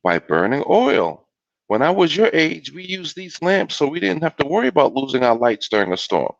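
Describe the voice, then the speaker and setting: A man voicing a kindly grandmother in a warm, calm storytelling voice. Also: on the high side, normal speed, creaky, dry recording, pitched above the performer's own voice. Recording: dull lo-fi video call audio.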